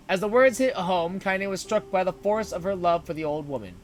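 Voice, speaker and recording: A man's voice: high-pitched, expressive, fairly quick, hardly any pauses. A man streaming, reading a story aloud dramatically and breaking in with joking asides.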